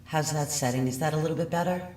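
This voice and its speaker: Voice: mid-range voice, quick pace. Chatty livestream host in an echoey room. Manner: chatty and apologetic, often checking the audio. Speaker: true crime channel host. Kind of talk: casual livestream chat. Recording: echoey room audio, distant mic, faint noise.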